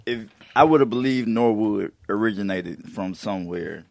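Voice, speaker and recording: A man on a casual podcast who chimes in with quick, joking remarks. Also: on the low side, creaky, a little mellow, no echo. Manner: quick wisecracks tossed into the conversation. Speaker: podcast co-host. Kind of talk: casual chat among friends.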